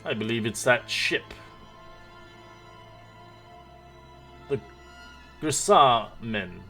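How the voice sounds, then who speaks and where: A man voicing a stern female high court official in a tabletop game, asking formal, halting questions. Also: lively intonation, sharp tone, faint music behind, full character voice. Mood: measured.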